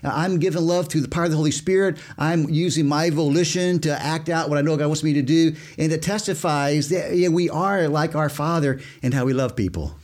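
An emphatic man discusses a Bible passage with a pastor. He draws on everyday illustrations and doubles back on words mid-sentence. His voice sits a little high. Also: a little fast, few pauses, a little mellow. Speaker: co-host.

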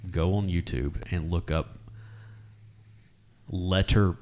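A man's voice: sits low, fairly even intonation, slow pace, darkish tone. A man co-hosting a casual chat, rambling as he hunts for names. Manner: rambling, searches for names with ums. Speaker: podcast co-host.

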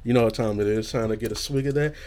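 A man hosting his own show, telling a rambling casual story with a just-woken hoarse voice and a habit of saying "you know what I'm saying". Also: fairly low pitch, racing, darkish tone. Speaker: podcast host.

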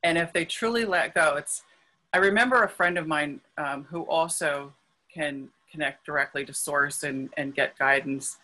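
A woman guest, a spiritual healer, explaining ideas earnestly and gently in an interview. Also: low-pitched, normal speed, rough recording. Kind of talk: conversational interview.

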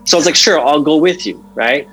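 A man in his forties, a guest painter from Massachusetts, chatting casually on a podcast and telling stories in an animated way. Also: fairly high pitch, a little fast, slightly rough, rough recording. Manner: animated storyteller, restarts and fillers.

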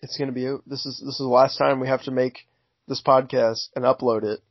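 A man's voice: medium pitch, little pitch movement, fairly quick, no room sound. A man co-hosting a podcast, laying out his reasoning earnestly in casual chat. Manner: earnest, reasoning argument with restarts. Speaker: podcast co-host. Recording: dull lo-fi dry recording.

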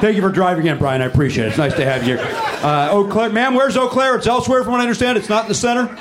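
A middle-aged man hosting a live comedy podcast on a club stage, teasing the audience with quick sarcastic crowd work. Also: high-pitched, background noise.

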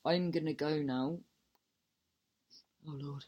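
This podcast host and comedian has a voice that sits low, steady in tone and slow in pace, on lo-fi sound. Chatting casually alone, she spins an improvised silly story full of restarts, swears freely, and mocks herself for laughs.

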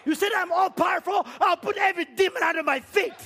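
A man preaching a fiery sermon, shouting repeated rhetorical questions and dropping to quiet low passages. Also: fast, gravelly, a faint crowd.

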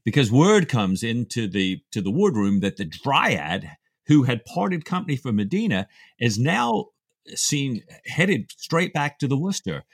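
A man's voice: medium pitch, dry recording, clean studio sound. A man co-hosting a casual book discussion podcast, easygoing and self-deprecating as he recaps the story. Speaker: podcast co-host.

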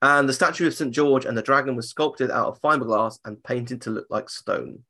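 A man's voice: mid-range voice, moderate pace, bright, forceful tone. A man co-hosting a theme park podcast, chatting casually and cracking jokes. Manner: jokey, puts on silly voices for laughs. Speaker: podcast co-host.

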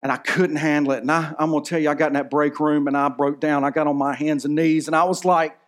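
A man in his thirties preaches to his congregation, his voice sitting a little higher than most men's. He tells a story from his own life with earnest feeling, the way a pastor speaks from the pulpit. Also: level tone, quick pace, few pauses. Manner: personal storytelling, emotional and earnest. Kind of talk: sermon. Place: church.

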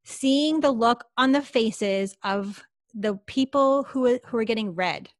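A woman's voice: fairly high pitch, takes it slowly, dry recording, clean studio sound. A woman, a psychic medium, telling a personal story in a podcast interview, chatty and full of fillers. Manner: lively, chatty, many fillers like "like".

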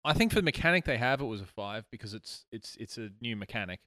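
A man's voice: medium pitch, animated, fast, sharp tone, dry recording. A man, co-hosting a gaming podcast in casual chat, rambling through a story and laughing easily. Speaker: podcast co-host. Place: studio. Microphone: podcast mic.

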